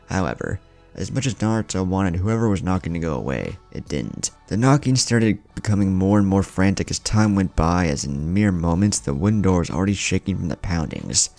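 A man reading a fan story aloud as narrator, in an animated way. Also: deep voice, gravelly. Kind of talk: scripted narration.

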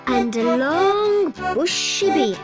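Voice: high voice, lively intonation, over loud music. A performer voicing a friendly young monster who guides children through drawing, step by step. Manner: cheerful, slow step-by-step drawing instructions. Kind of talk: children's cartoon voice acting.

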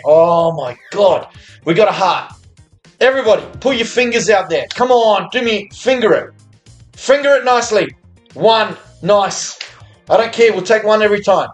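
An Australian man streaming slot games, swearing constantly and cheering loudly at the screen in casual live commentary. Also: high voice. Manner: profane, excitable, cheers at the screen. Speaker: slots streamer.

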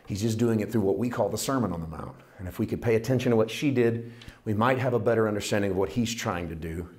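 A man preaching a sermon in a conversational, folksy way, building to loud, fervent passages. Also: fairly low pitch, fast talker. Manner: folksy, plain-spoken phrasing. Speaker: pastor.

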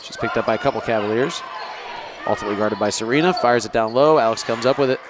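Male play-by-play caller, mid-pitch, casual and chatty, noisy gym behind. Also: fast. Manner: relaxed, chatty, with asides. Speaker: play-by-play commentator. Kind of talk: local sports commentary. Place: school gym. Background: crowd and bouncing balls.

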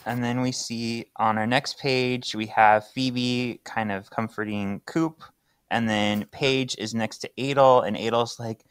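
A man's voice: medium pitch, steady tone, unhurried, clear, resonant tone, no echo. A man co-hosting a podcast, casually recapping a comic and reading its lines aloud with playful emphasis. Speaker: podcast co-host.

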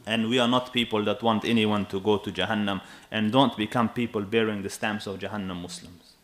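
Animated low-voiced male preacher. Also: a little fast. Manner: animated and emphatic, with asides to the audience. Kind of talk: sermon.

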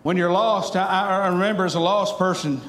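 A man's voice: high voice, steady tone, moderate pace, fairly bright tone, a little hiss or hum. A man, preaching an earnest, pleading sermon and telling family stories with a wry humor. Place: church sanctuary. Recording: echoey church sanctuary.

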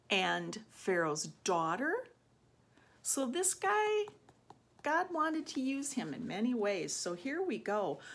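A woman's voice: mid-range voice, breathy edge. A woman teaching a children's Bible lesson in a church in a friendly, coaxing way, often checking in with "right?". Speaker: children's Sunday school teacher.

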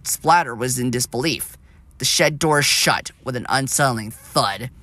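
A man narrating a storybook tale in a plain, steady reading voice with small slips. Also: medium pitch, unhurried, no room sound.

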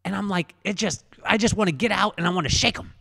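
A man hosting a podcast interview, telling stories in a loose, animated way and laughing as he talks. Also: high voice, fast, vocal fry, long reverb tail. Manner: animated storyteller, laughs while talking. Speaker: podcast host. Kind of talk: casual interview chat.

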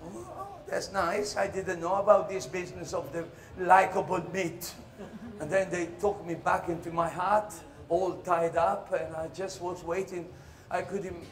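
Male stage performer, comic monologue, high voice, lively acting. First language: Italian. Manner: animated storytelling, jumps into shouted voices and laughter.

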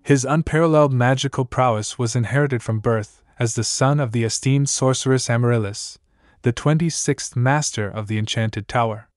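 Narrating the recap, a man reads in an even, measured way at a mid pitch. His voice is close and completely dry, with faint music playing underneath. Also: dry recording. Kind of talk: scripted story recap narration.

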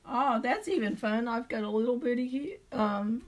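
A woman's voice: a little high, expressive, normal speed. A middle-aged woman with a Southern drawl, chatting through a craft tutorial and thinking aloud as she draws. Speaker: craft video host.

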